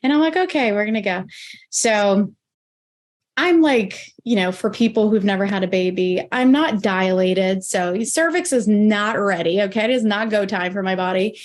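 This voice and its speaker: A woman in her thirties tells her story as a guest on an interview podcast, at a middle pitch for a woman. She talks fast and casually, leans hard on "like," and acts out each quoted line. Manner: animated, acts out her own and others' quoted lines with lots of "like".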